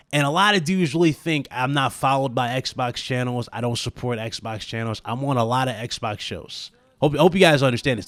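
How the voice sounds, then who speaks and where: Animated man hosting a gaming vlog. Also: mid-range voice, dry recording, studio quality. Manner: animated, conversational, lots of fillers and asides. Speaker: gaming channel host. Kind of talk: casual gaming commentary vlog.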